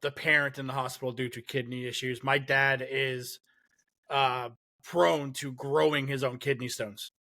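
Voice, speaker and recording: A laid-back man co-hosts a podcast, talking in easygoing slang and calling everyone dude. His gravelly voice has a bright edge, and the recording is bone dry with no room sound at all. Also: medium pitch, level tone, measured pace, no room sound. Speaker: podcast co-host. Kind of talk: casual chat.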